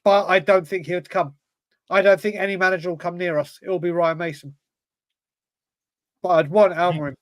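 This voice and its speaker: A man's voice: high-pitched, fairly even intonation, a little fast, pauses often, a bit bright, no room sound. A man co-hosting a football fan show, reading out viewer questions and chatting in an earnest, easygoing way. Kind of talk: casual football chat.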